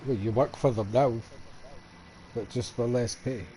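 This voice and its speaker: A man's voice: mid-range voice, steady tone, a little slow, warm tone, a little hiss or hum, rough recording. A man in casual chat who asks short, teasing questions.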